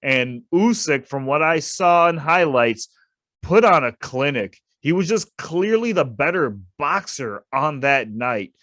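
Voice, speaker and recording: A man's voice: fairly high pitch, animated, unhurried, fairly bright tone, no room sound. A man co-hosting a casual boxing podcast, opinionated and emphatic, repeating his points to drive them home. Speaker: podcast co-host.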